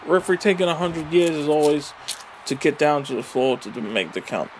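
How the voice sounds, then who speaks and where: A man commentating a wrestling video game with excited play-by-play, full of exclamations and mild swearing. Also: on the high side, fairly quick, slight background noise. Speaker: gaming commentator.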